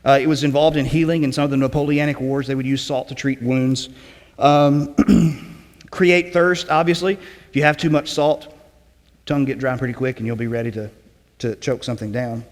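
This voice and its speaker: A man preaching a sermon in a conversational teaching way, often checking in with "okay?" and clearing his throat. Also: medium pitch, steady tone, normal speed, long reverb tail. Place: church sanctuary.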